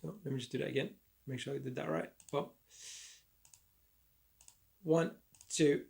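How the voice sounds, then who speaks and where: A man with a croaky throat teaches a trading lesson on screen, his voice gravelly with fry. He sits a touch higher than most men and keeps an upbeat, repetitive patter as he draws on the chart. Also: darkish tone. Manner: upbeat, repetitive, talks through drawing on charts. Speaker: trading educator.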